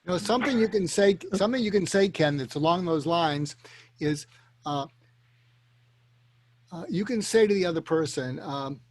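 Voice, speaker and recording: A man's voice: fairly high pitch, animated, moderate pace, pauses often. A man speaking as a guest on a talk show, earnest and explanatory, often restarting his sentences. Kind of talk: casual chat.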